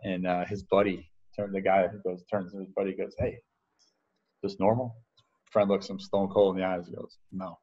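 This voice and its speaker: A man in his thirties with a very low voice tells stories in a loose, rambling way, full of "uh" and restarts. The recording sounds dull and lo-fi. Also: completely flat delivery, brisk, few pauses. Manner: rambling, many fillers and restarts. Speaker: baseball coach, podcast guest. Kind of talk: casual interview storytelling.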